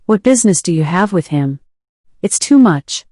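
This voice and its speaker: A woman voicing a possessive older sister who pleads and insists, read in her own lowish voice. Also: expressive, normal speed, dark tone, dry recording, studio quality. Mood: pleading. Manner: insistent, coaxing.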